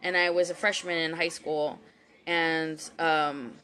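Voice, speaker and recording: A woman's voice: sits low, little pitch movement, slow pace, sharp tone, smooth. A young woman from Houston giving a casual live-stream monologue, heated and profane, rambling with many fillers and restarts. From Houston, Texas. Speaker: psychic reader and commentator. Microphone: webcam or phone microphone.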